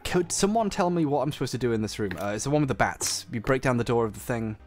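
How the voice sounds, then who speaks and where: A man's voice: mid-range voice, animated, quick pace, darkish tone, faint music behind. A man with a slight Yorkshire accent streaming a game, tired and joking, laughing often. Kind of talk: casual stream chat.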